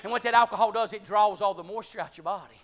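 A man preaching a sermon, calling out to the congregation and climbing to shouted peaks, short of breath at times. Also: high voice, quick pace. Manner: call-and-response, rising to shouting peaks.

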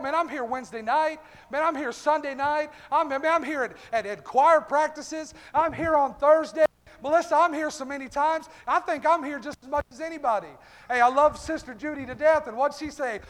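A male pastor preaching a fervent revival-style sermon in a church, calling out congregation members by name. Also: very high-pitched. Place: church sanctuary. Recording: echoey church hall.

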